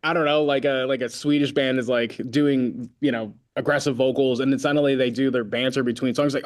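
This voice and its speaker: A man's voice: medium pitch, brisk, hardly any pauses. A man from California, a band vocalist as an interview guest, telling stories in a rambling way with lots of fillers. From Concord, California. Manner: rambling, filler-heavy, animated storytelling. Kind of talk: casual interview chat.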